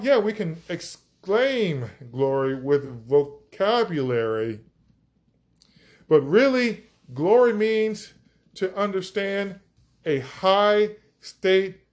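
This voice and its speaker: A man's voice: a little high, sing-song, slow pace. A man teaching scripture on a podcast, enthusiastic, stretching out key words for emphasis. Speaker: preacher.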